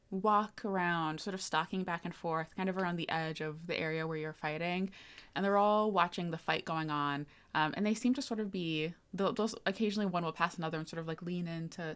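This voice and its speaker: A woman's voice: lowish voice, clear, resonant tone. Easygoing woman running a tabletop game. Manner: easygoing, laughs often, many fillers. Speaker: game master.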